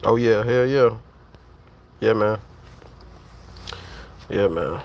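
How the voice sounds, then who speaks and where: A man's voice: on the low side, normal speed, vocal fry, long pauses, lo-fi sound, a little hiss or hum. A man, talking casually and profanely to his viewers on a livestream, rambling and speaking straight to the chat.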